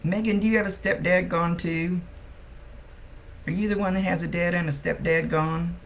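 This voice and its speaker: A woman psychic medium gives a casual live-streamed reading, chatty and blunt, and swears without a second thought. Her voice has a gravelly, fried edge, and it sits over a faint background hiss. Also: on the low side, steady tone, moderate pace, low-quality recording. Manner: chatty, thinks aloud.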